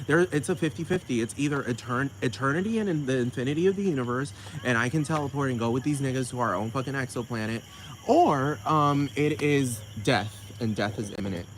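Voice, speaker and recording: A man's voice: medium pitch, a little fast, poor audio. A young man rambling profanely in a casual vlog monologue, repeating his phrases over and over. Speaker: vlogger. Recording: loud traffic noise outdoors.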